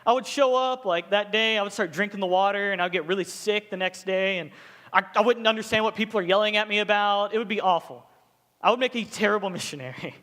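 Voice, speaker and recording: A young man with a high voice preaching to students in a relaxed, joking way, jumping into stories with lively asides. his words ring out with a long reverberant tail. it sounds like a big hall rather than a small room. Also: quick pace. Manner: casual, joking, animated storytelling. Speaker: youth pastor. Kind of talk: sermon.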